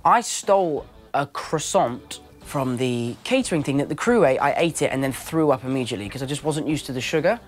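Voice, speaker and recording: With faint music behind him, this young man from London talks briskly in a mid-range voice, barely pausing. He's an actor guest in a relaxed interview, spinning animated stories in his English accent and mimicking the voices of others.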